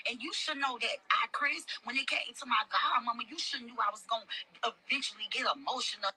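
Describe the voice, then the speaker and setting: A woman's voice: fairly high pitch, fairly quick, sharp tone, husky, low-quality recording. A woman speaking on a livestream, emotional and tearful, swinging between pleading and defiance.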